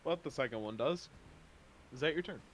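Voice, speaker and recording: A man's voice: mid-range voice, expressive, fairly quick, a little hiss or hum. A man running a tabletop game as game master, playful and teasing, with dramatic narration.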